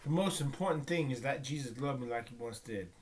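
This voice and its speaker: A man praying aloud in a halting, pleading monologue, often breaking off and restarting, dropping to a hush at times. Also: mid-range voice, slight background noise. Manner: drops to a hushed whisper at times. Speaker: vlogger. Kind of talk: spoken prayer monologue.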